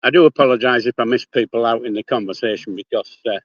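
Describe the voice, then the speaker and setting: An older Yorkshire man talks bluntly and casually into his phone, cursing freely. The sound is dry and close, a little dull in the highs. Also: fast, dry recording. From Yorkshire, England. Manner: blunt, swears casually, speaks before thinking. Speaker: livestreamer. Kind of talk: casual live-stream chat. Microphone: phone held in hand.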